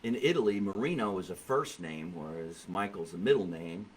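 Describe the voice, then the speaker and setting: A middle-aged man hosting a comedy podcast, telling stories in a jokey, animated way with quoted voices. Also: low voice, normal speed, low-quality recording. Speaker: podcast host. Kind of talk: comedic casual chat. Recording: faint background noise.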